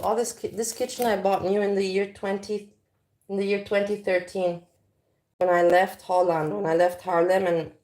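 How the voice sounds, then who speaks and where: A woman's voice: medium pitch, a little mellow. Chatty woman on a phone livestream. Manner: chatty, rambling, frank. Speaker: livestream host. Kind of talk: casual livestream chat. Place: home kitchen.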